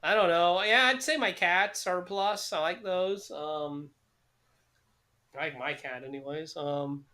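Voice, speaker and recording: A man's voice: sits high, measured pace, sharp tone. Cynical, foul-mouthed man rambling. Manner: cynical, heavily profane rambling. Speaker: podcast co-host. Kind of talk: casual chat.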